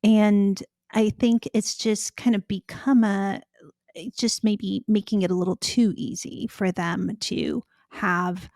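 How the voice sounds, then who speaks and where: A woman guest with a soothing voice carrying a gravelly fry, who talks reflectively and hedges with fillers. Her sound is dry and close to the mic. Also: mid-range voice, steady tone, slow, a little mellow, no room sound. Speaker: physician and author guest. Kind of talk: conversational interview.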